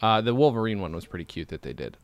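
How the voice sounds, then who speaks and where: A man's voice: on the low side, very animated, fast talker, slight background noise. A man co-hosting a podcast, rambling casually over drinks with fillers and swearing. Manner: rambling, profane, lots of fillers. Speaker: podcast co-host. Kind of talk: casual chat while drinking. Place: Los Angeles.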